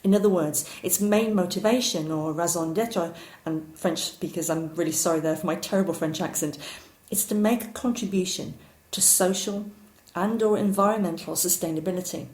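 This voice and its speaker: A woman giving a recorded course lecture, explaining ideas clearly and at times poking fun at herself. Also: on the low side, fairly quick, darkish tone. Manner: clear, explanatory, occasionally self-deprecating. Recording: roomy echo.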